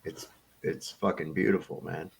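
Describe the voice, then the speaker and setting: A man's voice: deep voice, fairly even intonation, normal speed, gravelly, husky. A man chatting loosely on a podcast, telling stories with laughter and swearing. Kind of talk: casual chat, storytelling.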